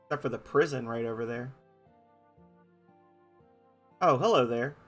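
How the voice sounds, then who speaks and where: A man hosting a game playthrough takes on every character's dialogue with playful voices and self-mocking comments about his reading. He speaks a little slowly in a mid-range voice, over soft background music.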